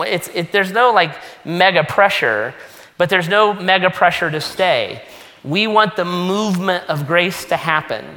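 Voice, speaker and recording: A male pastor speaking to his church in an easygoing, joking way. His voice is bright and sits a little high. It carries a long reverb from a large church hall. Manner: casual, joking, conversational preaching. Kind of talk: sermon announcements. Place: church sanctuary.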